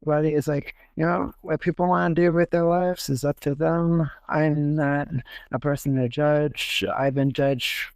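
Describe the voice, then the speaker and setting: A man's voice: on the high side, fairly even intonation, moderate pace, darkish tone, dry recording. A young man hosting a podcast in casual chat, rambling with lots of fillers and restarts. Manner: rambling, many fillers and self-corrections. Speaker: podcast host.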